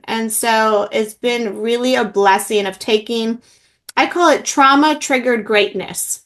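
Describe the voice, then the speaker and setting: A middle-aged woman talks in an interview, earnest and unhurried, with plenty of small fillers. Her voice sits a little high for a woman. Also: fairly even intonation, fairly bright tone. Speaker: emotional healing practitioner. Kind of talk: interview, personal story.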